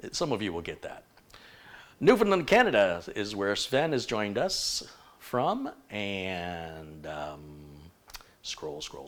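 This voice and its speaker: A man chatting through his livestream in a relaxed, joking way, greeting viewers one by one. His voice sits at an ordinary middle pitch and his talk wanders loosely between shout-outs and asides. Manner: jokey, rambling, reads out viewer greetings. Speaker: livestream host. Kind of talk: casual livestream chat.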